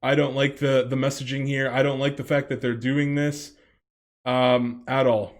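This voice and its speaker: A man's voice: medium pitch, little pitch movement, moderate pace. A man in his late twenties ranting in a reaction commentary, swearing a lot, rambling and laughing often.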